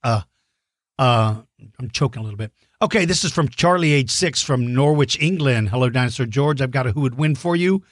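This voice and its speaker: A man's voice: medium pitch, expressive, brisk, no room sound, clean studio sound. A man hosting a podcast, answering children's questions in a friendly, enthusiastic way with plenty of ums and restarts. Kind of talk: casual chat to young listeners.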